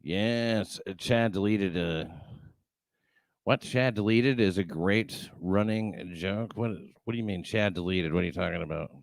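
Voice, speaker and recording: A man's voice: sits low, a little slow, vocal fry, no echo, studio quality. A man hosting a casual late-night show, talking loosely with profane asides and laughter. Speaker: podcast host.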